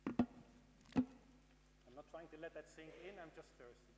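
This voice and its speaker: A man's voice: fairly high pitch, normal speed, pauses often. A man giving a conversational lecture on snakes to students, often checking in with the audience through tag questions and dry asides. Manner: dry humor. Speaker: snake expert giving a conference talk. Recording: long hall reverb.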